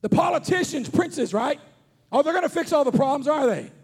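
High-voiced man preaching a sermon. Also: animated, a little fast. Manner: earnest, repetitive, rising to shouts on key points. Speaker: traveling preacher. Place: conference hall before an audience.

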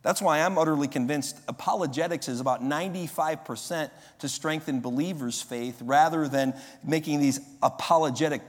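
A pastor in his forties preaching a sermon in a conversational way, with loud emphatic bursts. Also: a little high. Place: church sanctuary. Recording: long hall reverb.

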